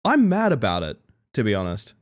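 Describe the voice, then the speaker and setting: A man live-streaming, chatting with his viewers in a playful, excitable way. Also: lowish voice, a little fast. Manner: playful, excitable, talks to chat. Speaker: livestreamer. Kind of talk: casual live-stream chat.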